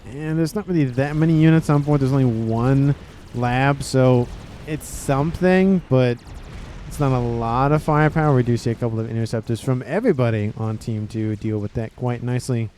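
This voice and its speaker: A man's voice: medium pitch, normal speed, mellow, a little hiss or hum. A man casting a strategy game replay in a loose, chatty style, often correcting himself mid-sentence. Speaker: game caster.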